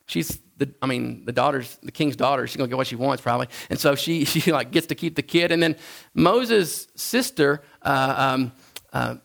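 A man preaching a sermon in a conversational, halting way, often restarting his sentences. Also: gravelly, fairly bright tone. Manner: acts out the Bible figures in a higher voice. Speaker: pastor.

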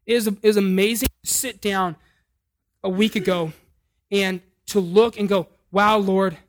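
Male preacher, conversational sermon style, animated and emphatic. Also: sits high, moderate pace.

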